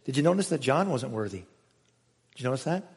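Dramatic preacher in a reverberant hall. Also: male voice, medium pitch, big pitch swings, fast talker, slightly rough. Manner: dramatic, swings from loud exclamations to hushed asides. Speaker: pastor. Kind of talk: sermon. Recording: echoey hall with long reverb.

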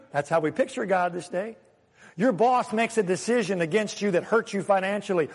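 A man preaching a sermon as a pastor, animated, sometimes acting out the voices he quotes. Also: high-pitched, fairly quick. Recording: long hall reverb.

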